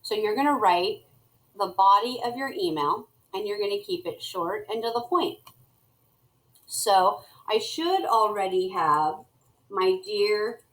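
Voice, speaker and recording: A woman's voice: medium pitch, fairly bright tone, poor audio. A middle-aged woman teacher guiding students step by step through a screen-recorded tutorial, talking as she types.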